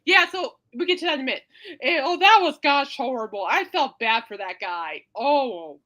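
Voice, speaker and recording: Woman podcast host, casual rambling chat, bouncy lively pitch, fairly high voice, filler-heavy, acts out her reactions. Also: moderate pace. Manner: rambling, animated storytelling with many fillers; dramatic re-enactment of own reactions.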